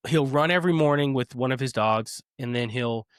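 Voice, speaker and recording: A man around thirty hosting a casual podcast chat. He has a middle-range voice and rambles in an easy, friendly way, full of fillers and quick laughs. The sound is close and dry. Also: medium pitch, dry recording. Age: 30s. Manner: chatty, laughs often, many fillers and restarts. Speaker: podcast host.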